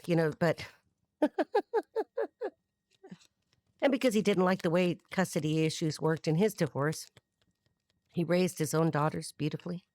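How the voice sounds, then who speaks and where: A woman's voice: lowish voice, darkish tone, dry recording. A middle-aged woman from the United States giving a free-associating tarot reading, rambling and wisecracking with some profanity. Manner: rambling, free-associating, with sung snippets and put-on voices. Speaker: tarot reader. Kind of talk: freestyle tarot reading monologue.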